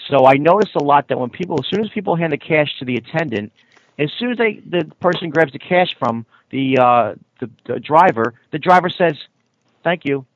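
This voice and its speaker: Insistent, lecturing man with a higher voice. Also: lively intonation, a little fast, no room sound, muffled recording. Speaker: podcast co-host. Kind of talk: casual argumentative chat.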